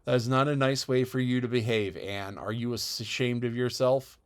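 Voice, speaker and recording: In an audiobook, a man voices a stern middle-aged woman guardian, speaking dryly, severely and in a measured, scolding way. His own voice is mid-range, steady, clear and resonant, close to how he'd normally sound.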